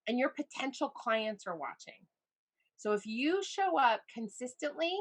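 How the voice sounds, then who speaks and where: A middle-aged woman, a life coach guest, telling stories animatedly and acting out what people said. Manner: expressive, acts out quotes with big pitch jumps. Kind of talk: animated conversational storytelling.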